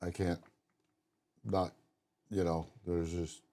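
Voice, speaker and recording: A man's voice: sits low, flat delivery, takes it slowly, warm tone. A middle-aged man co-hosting a podcast, telling long personal stories in a blunt, casual way and swearing freely. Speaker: podcast co-host. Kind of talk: casual conversation.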